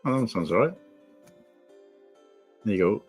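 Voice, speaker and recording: An Englishman hosts a casual live stream from a home room at night, rambling and greeting viewers by name over quiet, faint background music. His voice is on the low side and husky, with lively intonation and a moderate pace. He uses a desk mic and no headphones.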